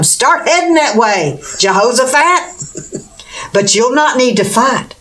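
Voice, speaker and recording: A woman preacher delivers a fervent sermon in a bright, somewhat high voice. She exclaims often and asks rhetorical questions as she preaches. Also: big pitch swings, slow.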